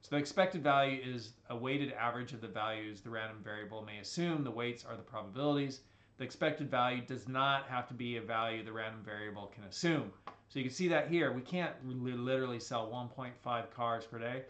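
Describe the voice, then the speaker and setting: A male statistics teacher with a slight Southern twang gives a recorded lecture in a loose, conversational way. He repeats key phrases and keeps checking in with the listener. His voice sits at an ordinary pitch and carries an echo from the room around him. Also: fairly quick, a bit bright, muffled recording. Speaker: statistics instructor. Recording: echoey room.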